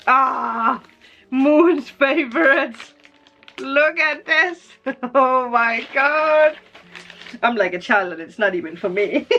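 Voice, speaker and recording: A woman's voice: on the high side, fairly bright tone, lo-fi sound. A woman vlogger chatting casually through an unboxing, emotional and laughing often.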